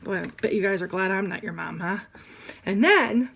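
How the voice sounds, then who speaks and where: Animated woman teaching a sign class. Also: mid-range voice, normal speed, vocal fry, a little hiss or hum. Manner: animated, demonstrative, with playful asides. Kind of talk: classroom lesson.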